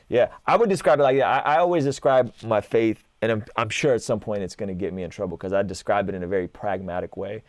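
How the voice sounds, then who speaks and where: A guest in his thirties tells stories in casual conversation, acting out dialogue and peppering his speech with "like" and "right?". He's an animated storyteller with a lowish male voice, recorded with no echo.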